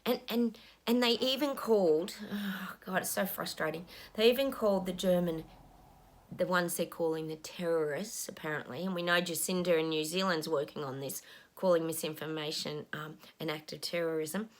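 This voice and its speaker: A woman's voice: on the low side, normal speed. A middle-aged woman, a psychic talking casually to her viewers, frustrated and ranting, sometimes dropping to a whisper. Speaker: psychic channel host.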